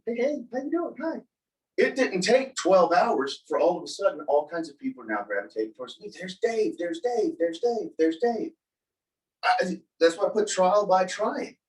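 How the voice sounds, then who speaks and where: A man telling a personal story in a casual talk, animated and acting out the voices of the people he quotes. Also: mid-range voice. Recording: voice from a distance from the mic.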